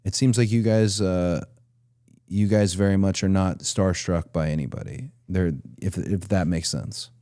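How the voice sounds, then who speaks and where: Host, man in his forties, low mellow voice, loose rambling questions. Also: steady tone, a little slow, dry recording, clean studio sound. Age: 40s. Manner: rambling, restarts his thoughts. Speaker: podcast host. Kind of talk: casual interview chat.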